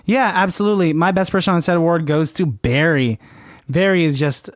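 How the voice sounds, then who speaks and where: A man's voice: on the high side, fairly quick, dry recording, studio quality. A young man co-hosting a movie podcast, chatting casually and laughing often as he retells scenes. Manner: laughs often, quotes movie lines in voices. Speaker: podcast co-host. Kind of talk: casual chat.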